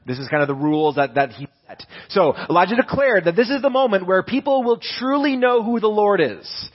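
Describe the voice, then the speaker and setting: A young male pastor preaches in a relaxed, storytelling way. He restarts phrases often and leans hard on key words. His voice sits a little high, and the recording sounds dull and lo-fi. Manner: conversational storytelling, many restarts, stress on words. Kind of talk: sermon.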